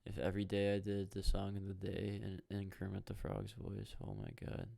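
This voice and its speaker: A young man hosts a loose, profane solo podcast, jumping between jokes and reactions to a hockey game. His voice sits low and has a gravelly, fried edge. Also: sing-song, moderate pace. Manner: profane, rambling, jokey, reacts out loud to the game. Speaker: podcast host. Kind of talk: casual solo podcast rambling while watching hockey.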